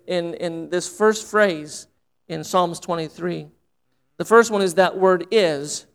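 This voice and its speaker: A man's voice: high voice, smooth. A man preaching a sermon as pastor, earnest and repeating phrases for emphasis.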